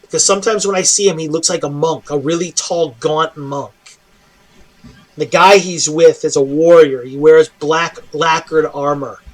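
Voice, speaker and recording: A weary human prisoner, voiced by a man, pleads for rescue in a tabletop game. He rambles and repeats himself, with a voice pitched a bit high. His words stumble over one another. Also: steady tone, normal speed, lightly acted.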